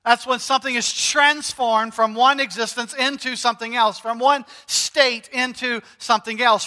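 High, bright-voiced man preaching in a hall. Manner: measured preaching with emphatic pauses on key words. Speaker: pastor. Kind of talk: sermon. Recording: long reverb of a large hall.

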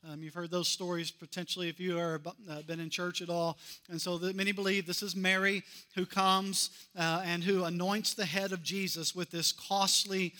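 A man's voice: high-pitched, flat delivery, moderate pace, bright, forceful tone. A man preaching a sermon, reading scripture and repeating key phrases with building intensity. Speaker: pastor.

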